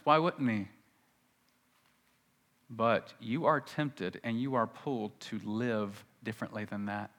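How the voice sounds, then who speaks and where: Bright-voiced man preaching with shifting intensity. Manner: dynamic preaching, drops to soft intense lows and rises to urgent pleading. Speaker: pastor. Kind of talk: sermon.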